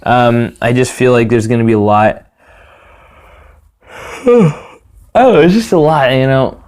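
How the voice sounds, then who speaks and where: Young male podcast host, casual solo talk, middle pitch, rambling with fillers, swears a lot. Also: sing-song, brisk, a little mellow, clean tone.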